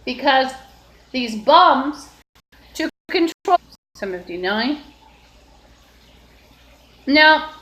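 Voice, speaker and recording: A woman with a slightly high voice talks to her phone in a long, wandering monologue full of fillers and false starts. She is in an apartment, and the room gives her voice a noticeable echo. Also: fairly bright tone. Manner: meandering, with frequent fillers and restarts. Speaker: livestreamer. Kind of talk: rambling solo live stream. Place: indoors in an apartment. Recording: echoey room.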